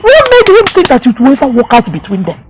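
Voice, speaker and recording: A woman's voice: high voice, huge pitch swings, quick pace, faint music behind, poor audio. A woman with a Nigerian accent playing a grieving mother who speaks tearfully. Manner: tearful, pleading. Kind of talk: film acting.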